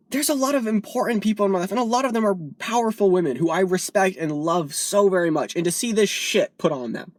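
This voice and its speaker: A woman's voice: mid-range voice, no room sound, clean studio sound. A woman vlogger delivering a heated, profane political rant, from the United States.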